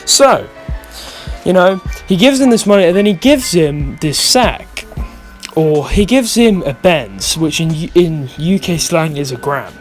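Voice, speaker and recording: Stoned and rambling, this young man from the United Kingdom tells a vlog storytime laced with swearing, frequently losing track of where he's going. He speaks a little slowly in a slightly high, sing-song voice over faint background music.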